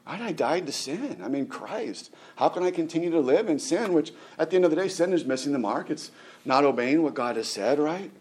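Man preaching in a casual, halting way. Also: on the high side, expressive, a little mellow. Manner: halting, repeats words, asks rhetorical questions. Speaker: pastor. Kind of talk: conversational sermon.

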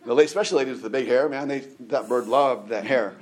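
A middle-aged man giving a conversational sermon as a pastor, often restarting his words and asking the listeners rhetorical questions. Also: medium pitch. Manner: halting, repeats words, asks rhetorical questions.

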